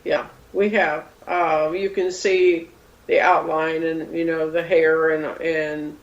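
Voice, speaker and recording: A woman's voice: low-pitched, flat delivery, takes it slowly, reverberant, muffled recording. A woman guest, a paranormal investigator, telling stories in a rambling, casual way and acting out what people said. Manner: rambling, acts out quoted dialogue. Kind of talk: casual storytelling in an interview.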